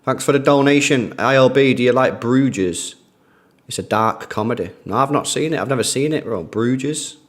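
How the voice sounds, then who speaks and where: Medium in pitch and moderate in pace, this young man hosts a football watchalong stream. His talk is casual and slangy as he reads out donations and thanks donors by name.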